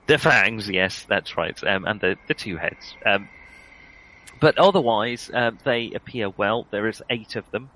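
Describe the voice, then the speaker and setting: A man's voice: on the low side, unhurried, pushed and bright, poor audio. A man narrating a tabletop game as game master, hesitant, with many fillers and self-corrections.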